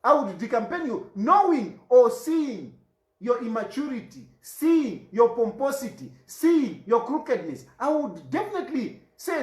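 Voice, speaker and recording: A man's voice: very high voice, big pitch swings, normal speed. Zambian guy ranting about politics, lots of repeated questions, voice jumps all over, roomy echo. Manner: indignant, repetitive rhetorical questions. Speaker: political commentator. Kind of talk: impassioned political rant.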